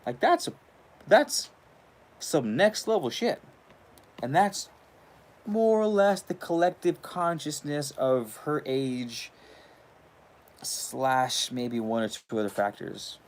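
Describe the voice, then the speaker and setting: A man's voice: mid-range voice, lively intonation, slow pace, long pauses. A man hosting his channel in a casual, rambling monologue, swearing freely and laughing between thoughts. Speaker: channel host.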